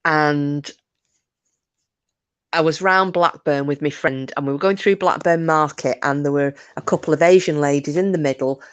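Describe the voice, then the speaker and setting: At a moderate pace, a middle-aged woman whose smooth voice sits low chats with her livestream audience, telling funny stories full of laughs and asides to viewers. The lo-fi recording has no echo.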